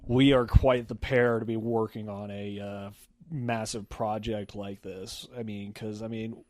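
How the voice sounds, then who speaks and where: A young man co-hosting a podcast, telling a story in a casual, profane, animated way. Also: lowish voice, a little slow, dry recording. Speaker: podcast co-host. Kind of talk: casual chat.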